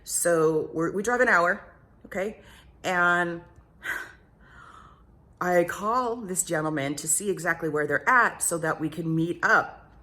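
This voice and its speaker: A middle-aged woman telling a story in a casual vlog, animated and self-mocking, often laughing. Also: fairly low pitch, slow pace, long pauses. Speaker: vlogger.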